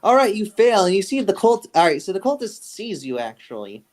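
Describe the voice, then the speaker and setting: A man with a slightly high voice running a tabletop game session. He narrates loosely, rambling and correcting himself mid-sentence as he describes the scene. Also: big pitch swings, a little fast, darkish tone. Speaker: game master.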